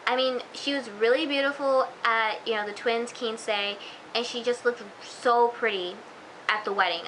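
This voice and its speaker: A woman's voice: fairly high pitch, fairly even intonation, measured pace, a bit bright, a little hiss or hum, low-quality recording. A woman recapping a TV episode in a chatty, gushing vlog style, full of fillers. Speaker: TV episode reviewer.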